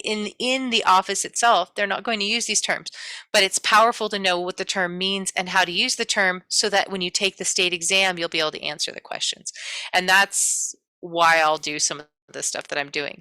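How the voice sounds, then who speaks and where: Woman instructor, bright forceful voice, dry close sound, casual lecture style. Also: medium pitch, clean tone, dry recording, rough recording. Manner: chatty, talks to students directly, acts out their reactions. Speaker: real estate exam instructor. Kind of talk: casual live class lecture.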